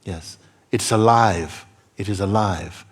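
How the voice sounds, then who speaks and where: A man, a spiritual teacher, speaking earnestly to a seeker, moving between soft murmurs and emphatic, laughing passages. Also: on the low side, slow, creaky, husky. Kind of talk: satsang talk to a seeker. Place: meeting hall.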